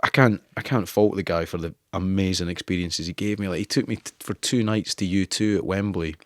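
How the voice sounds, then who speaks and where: A man's voice: sits low, fairly even intonation, a little fast, no echo, studio quality. A middle-aged Scottish man telling laughing, profanity-laced anecdotes as a podcast guest. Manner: swearing, laughing storyteller. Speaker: guest, former newspaper editor. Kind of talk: casual interview anecdotes.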